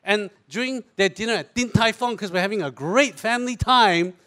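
A man with a Singaporean English accent tells a comic story in a very high, bright voice. He is animated and keeps slipping into voices for the people in his story. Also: normal speed. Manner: animated, switches into character voices. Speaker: comedic storyteller.

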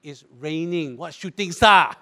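A man with a Singaporean English accent telling a comic story in an animated way, switching into character voices. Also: on the high side, a little slow. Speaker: comedic storyteller.

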